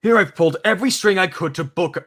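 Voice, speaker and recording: A man's voice: high-pitched, quick pace, bright, forceful tone, voice pushed up. A man voicing an arrogant wealthy young man who speaks in a smug, condescending way. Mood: scolding.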